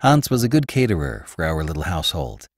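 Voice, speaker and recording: A man narrating a classic adventure novel in a measured, expressive reading. His voice is low, with a lively, animated pitch. The recording is dry and close. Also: dry recording. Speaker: host and narrator.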